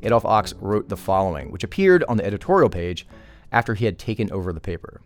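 Lively, emphatic male podcast host. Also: on the low side, fast, dry recording, studio quality. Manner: emphatic, full of rhetorical questions. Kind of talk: opinion commentary podcast.

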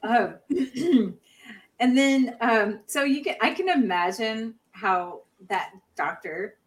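A woman's voice: on the high side, animated, slow, poor audio. A woman co-hosting a podcast, recapping a show in casual chat with lots of fillers and restarts. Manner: rambling, many fillers and restarts. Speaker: podcast co-host.

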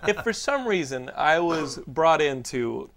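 Male podcast host, slightly high voice, jokey and scattered, lots of laughter and restarts. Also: sing-song, measured pace, gravelly, fairly bright tone, slight background noise. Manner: joking, laughs often, stumbling restarts. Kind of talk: casual chat.

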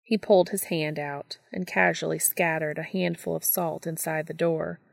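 A woman narrating a fan fiction story as an audiobook in a steady, even reading voice. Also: low-pitched, moderate pace, gravelly, no echo, studio quality.

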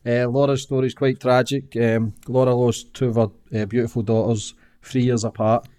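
A man hosts an interview and introduces his guest with halting phrasing and frequent fillers. His voice sits at an everyday pitch. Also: flat delivery, mellow, clean tone. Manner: hesitant, many fillers. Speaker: podcast host. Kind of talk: interview hosting.

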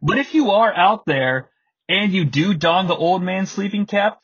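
Husky, chatty man in his thirties. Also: high-pitched, lively intonation, a little slow, a bit bright, highs cut off. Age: 30s. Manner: chatty, digressive, with fillers. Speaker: podcast host. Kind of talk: casual solo commentary.

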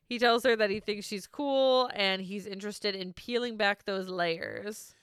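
A woman's voice: medium pitch, unhurried, fairly bright tone, smooth, no room sound, clean studio sound. A woman co-hosting a casual podcast, recapping a reality show, laughing often and swearing freely.

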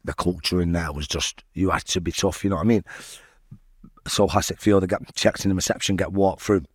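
A young man, a podcast guest telling his life story in an animated, swearing, storytelling way. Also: sits low, dry recording, clean studio sound. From Salford, England. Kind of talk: storytelling interview.

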